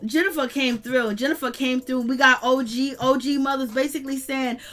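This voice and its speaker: A woman hosting a casual reality TV recap, retelling scenes in an animated way and cheering along. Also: high voice, fairly quick, faint music behind.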